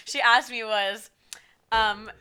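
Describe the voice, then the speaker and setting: A young woman co-hosting a casual podcast, telling her own stories in a quick, chatty way. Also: a little high, steady tone, pushed and bright, clear, resonant tone. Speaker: podcast co-host. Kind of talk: casual chat.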